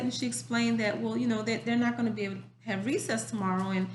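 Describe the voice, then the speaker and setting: A woman's voice: a little high, steady tone, fast, slight background noise. Woman educator in an echoey room. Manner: conversational storytelling with many fillers. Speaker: school educator. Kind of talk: casual spoken message.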